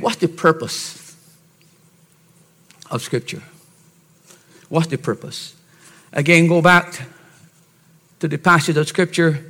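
High, bright-voiced preaching man. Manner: emphatic preaching, swings from soft asides to shouted points; keeps checking on listeners with "See?". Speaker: pastor. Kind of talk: sermon.

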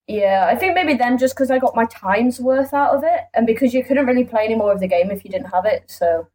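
A woman's voice: fairly high pitch, lively intonation, brisk, a little mellow, low-quality recording. A woman co-hosting a gaming podcast, chatting casually and hesitantly. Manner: hesitant, lots of fillers. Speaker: podcast co-host. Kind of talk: casual chat.

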